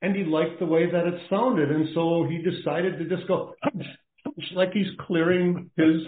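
A man as a podcast guest, talking casually over the phone in a rambling, halting way with lots of fillers. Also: a little high, steady tone. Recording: echoey tinny phone line.

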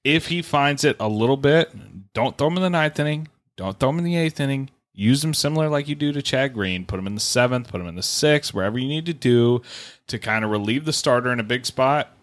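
A man talks baseball on a casual podcast in a middle-pitched voice. He is emphatic and hammers his points home, swearing for stress. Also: fairly quick. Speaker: podcast co-host. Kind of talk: casual sports talk.

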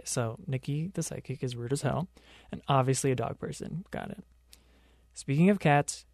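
A man's voice: medium pitch, creaky, darkish tone, no room sound. Sarcastic young man hosting a podcast. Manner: sarcastic, joking asides. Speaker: podcast host. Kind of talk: solo pop culture commentary.

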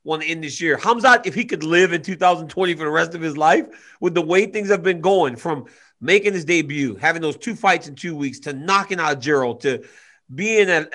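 A man co-hosting a casual sports chat over a video call, animated and joking, often repeating himself. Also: on the high side. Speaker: co-host.

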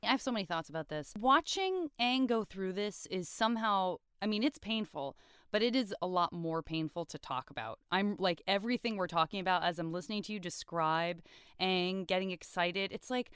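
A woman co-hosting a podcast, discussing an episode in casual chat with expressive, sympathetic reactions. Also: medium pitch, moderate pace, clean tone, dry recording, studio quality. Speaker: podcast co-host.

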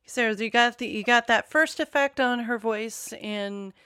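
Woman, music podcast chat, smooth clear voice, dry close sound, rambling. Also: a little high, measured pace, bright, forceful tone, dry recording. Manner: rambling, many restarts. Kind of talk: casual chat.

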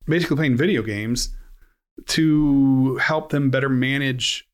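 A middle-aged man hosts a casual interview, relaxed and a little halting. He fills pauses with ums as he frames his questions. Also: medium pitch, clean tone. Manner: relaxed, hesitant, many fillers. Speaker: podcast host. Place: home during lockdown.

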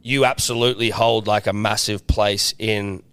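Smooth low-voiced man asking questions. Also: steady tone, moderate pace, fairly bright tone, dry recording. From Australia. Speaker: podcast co-host. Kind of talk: casual interview chat.

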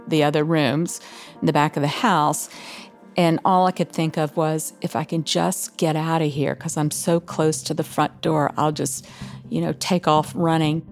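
Low-voiced woman guest, quietly recalling a frightening moment. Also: little pitch movement, moderate pace, soft background music. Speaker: interview guest. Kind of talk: recalling a personal memory in an interview.

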